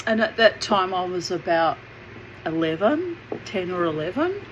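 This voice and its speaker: A woman's voice: fairly low pitch, sing-song, unhurried, slight background noise, rough recording. A woman telling a family memory in a chatty, digressive way with plenty of fillers. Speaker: memoir narrator. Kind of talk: casual storytelling.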